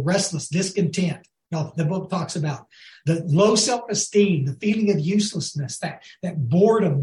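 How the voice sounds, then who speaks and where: A man's voice: high voice, darkish tone. Folksy man in an echoey room. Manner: folksy storytelling, addresses the audience as y'all. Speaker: recovery speaker. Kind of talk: lively recovery talk to a group. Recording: roomy echo.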